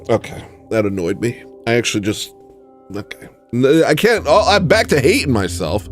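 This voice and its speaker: Soft music plays behind a man whose mid-range voice swings widely in pitch at a moderate pace. Hosting a livestream, he meanders through self-mocking comedy, theatrical and liable to break into sudden yells.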